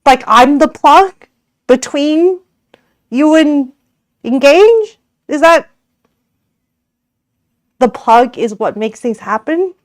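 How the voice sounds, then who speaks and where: A woman's voice: high voice, lively intonation, slow, long pauses, no echo, studio quality. An Australian woman streamer chatting casually with her viewers while cooking, giggly and rambling, often correcting herself.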